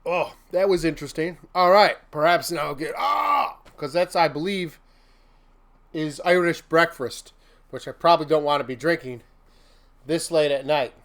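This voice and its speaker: A man's voice: a little high, normal speed, a bit bright. A man hosting a casual motivational livestream, rambling and laughing often, breaking into silly mock-venting with made-up curses. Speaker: host.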